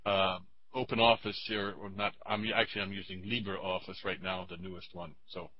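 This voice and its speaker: A man talking in a casual chat, rambling and halting with many fillers. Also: deep voice, flat delivery, highs cut off.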